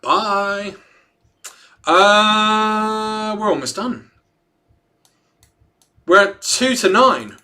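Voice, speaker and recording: A man's voice: high voice, sharp tone. A man hosting a casual livestream, reading a statement aloud and chatting and joking with his viewers between lines. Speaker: livestream host.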